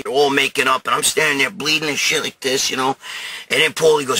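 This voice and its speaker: Raspy, swearing storyteller man. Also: fairly high pitch, brisk. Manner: animated, swears constantly, shouts and mimics others. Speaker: show host telling a story. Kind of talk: profane storytelling monologue.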